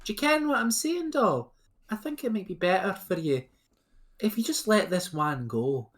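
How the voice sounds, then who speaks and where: A host voicing a gentle old female loch monster, giving motherly advice with a Highland Scottish accent. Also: animated, moderate pace, natural voice. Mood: soothing. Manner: folksy, motherly advice with terms of endearment.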